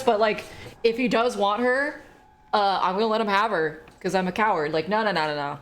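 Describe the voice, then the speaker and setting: Woman streamer, mid-pitched, jokey and loose-mouthed, casual game commentary. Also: normal speed, fairly bright tone. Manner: chatty, jokey, swears freely.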